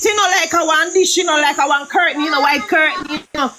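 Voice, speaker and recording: A Jamaican woman chatting in patois, telling a story with lively, emphatic commentary. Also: sits high, fast, background noise. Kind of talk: heated gossip chat in patois.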